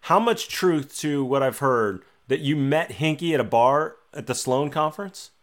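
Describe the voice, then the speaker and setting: A man's voice: on the high side, expressive, normal speed. A man hosting a podcast in casual chat, asking questions and teasing his guest playfully. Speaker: podcast host.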